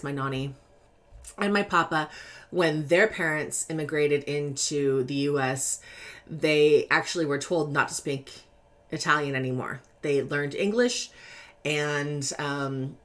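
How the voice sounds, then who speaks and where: A woman from California with a Californian accent, chatting casually as she reads tarot cards. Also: deep voice. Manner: lively, chatty, laughs easily, animated emphasis. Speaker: tarot reader. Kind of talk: casual tarot deck interview reading.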